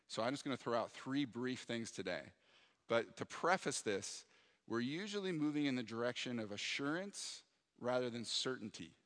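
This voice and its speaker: A man's voice: mid-range voice, fairly bright tone. A man preaching a sermon as a pastor, earnest and reflective, sometimes acting out his own prayers. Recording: hall reverb.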